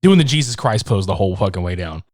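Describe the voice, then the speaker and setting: A man co-hosting a casual movie review podcast, animated and profane, joking around. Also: low-pitched, quick pace, no echo, studio quality. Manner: animated, profane, breaks into silly voices. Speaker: podcast co-host.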